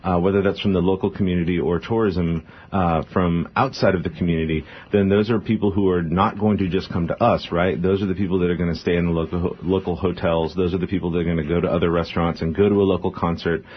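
A man's voice: low voice, steady tone, husky. A man who owns a brewery, guest in a radio interview, talking earnestly with many "uh"s. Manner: fast, filler-heavy, earnest. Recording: dull lo-fi radio sound.

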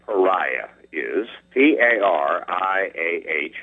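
A man's voice: low voice, animated, slow, slightly rough. A man calling in to a radio show with a wry, teasing manner, heard over a tinny phone line. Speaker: word-of-the-day contributor. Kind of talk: casual on-air phone chat.

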